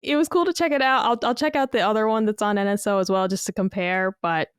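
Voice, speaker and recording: A woman chatting on a casual gaming podcast, her voice smooth and clean at a middling pitch. She rambles through her thoughts with lots of fillers and the odd curse. The recording is dry and close, with no room sound. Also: fast, no echo. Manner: rambling, filler-heavy, laughs and swears casually. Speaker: podcast co-host.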